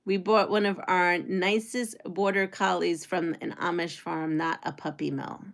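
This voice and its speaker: Speaking with a fairly low, somewhat creaky voice, this quilting channel host keeps her intonation fairly even and her pace a little slow. She's a middle-aged woman running a relaxed livestream, rambling chattily as she talks to viewers.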